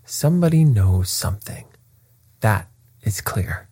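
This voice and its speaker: A man voicing a calm, clever detective who speaks in a cool, measured way. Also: on the low side, slightly rough, dry recording, studio quality. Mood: knowing.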